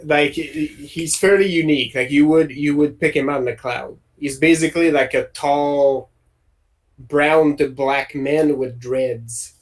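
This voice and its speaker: A man narrates a tabletop role-playing game as its game master. He talks slowly and hesitantly, circling back and filling gaps with "um" and "like" as he describes what the players see. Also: fairly high pitch, fairly even intonation, low-quality recording. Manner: hesitant, many fillers and restarts while describing.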